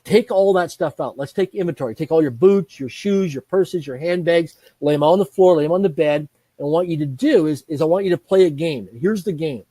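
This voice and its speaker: A middle-aged man speaks with an energetic, animated drive, piling up lists and acting out little dialogues. His voice sits a touch high for a man but sounds warm and mellow. The recording is close and dry. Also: a little fast, hardly any pauses, no echo. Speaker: guest speaker, business trainer. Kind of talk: animated interview storytelling.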